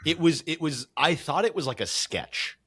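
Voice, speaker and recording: A man's voice: a little high, noisy background. A young man co-hosting a podcast, chatting casually, swearing freely and repeating himself as he talks. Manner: animated, swears freely, quick laughs and repetitions. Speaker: podcast co-host. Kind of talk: casual chat.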